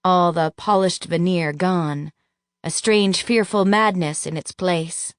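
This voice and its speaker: A woman reads a first-person audiobook at a slow, unhurried pace. Her voice sits slightly low and sounds dry and close, with no room echo. The delivery is measured and even throughout. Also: clean tone. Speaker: audiobook narrator.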